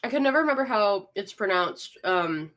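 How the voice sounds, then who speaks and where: A woman's voice: medium pitch, normal speed. A woman playing in a tabletop game, chatting and giggling on a live stream over a shared mic that cuts out. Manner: giggly, animated, talks while eating. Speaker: player.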